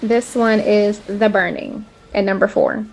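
A woman's voice: medium pitch, fairly even intonation, a little slow, creaky. A young woman co-hosting a podcast, talking casually and laughing easily. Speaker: podcast co-host. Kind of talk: casual chat.

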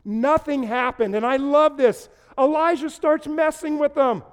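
A man's voice: extremely high pitch, a little slow, long reverb tail. A man preaching a livestreamed sermon, speaking conversationally, asking his online audience to answer and adding playful asides. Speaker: pastor. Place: large room with no live audience.

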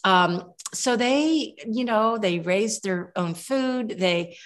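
A woman in her seventies, a guest herbalist, telling long rambling stories in a relaxed interview, with many restarts. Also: medium pitch, slow. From Kentucky.

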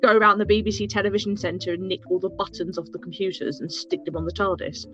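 A woman hosting a podcast, chatting casually in a giggly, excitable fan way. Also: mid-range voice, fast talker, lo-fi sound, faint music behind. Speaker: podcast host. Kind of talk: casual chat.

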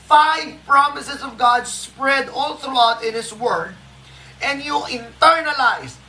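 A devotional preacher with a Filipino accent, giving a live morning sermon slowly and emphatically and repeating key phrases. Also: high voice, sharp tone, a little hiss or hum, low-quality recording. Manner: slow and emphatic, repeats key phrases, switches between English and Tagalog.

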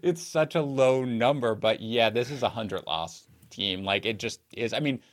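A man's voice: mid-range voice, normal speed. A chatty man breaking down betting lines. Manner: laughing, analytical, chatty. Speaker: sports betting podcast co-host. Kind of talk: casual sports betting chat.

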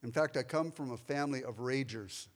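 A man's voice: mid-range voice, brisk. A man preaching as a pastor, telling a personal story and speaking straight to members of the congregation. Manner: personal, confessional storytelling with asides to listeners. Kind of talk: sermon. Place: church sanctuary. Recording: long hall reverb in a church.

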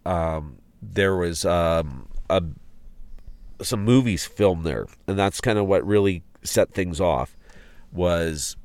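A man's voice: low voice, dry recording. A man hosting a podcast, recounting a road trip in a rambling, casual way with restarts and fillers. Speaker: podcast host. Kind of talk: casual spoken travel log. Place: outdoors at a ghost town site.

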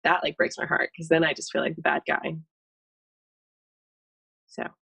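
A woman's voice: sits low, level tone, normal speed, creaky, a bit bright, no echo, distant mic, rough recording. A woman talking candidly about parenting in a casual group conversation, rambling and reflective. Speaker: parent in a discussion.

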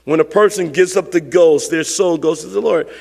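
A man's voice: a little high, normal speed, gravelly, a little mellow, in a large hall. A male pastor preaching a sermon with emphatic, repetitive phrasing and call-and-response to the congregation.

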